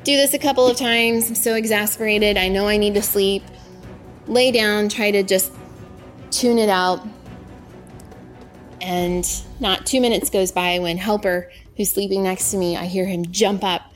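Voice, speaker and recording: A woman's voice: medium pitch, fairly even intonation, measured pace. A woman, a former aid worker, telling her own story in vivid first person and mostly in the present tense. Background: faint music.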